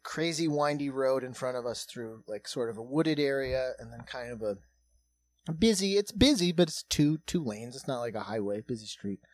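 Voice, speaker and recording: A man in his thirties hosting a comedy podcast, telling a story casually with lots of swearing. He drops to a hush and then gets loud as it builds. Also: mid-range voice, no room sound. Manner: profane, animated, swings between hushed and loud.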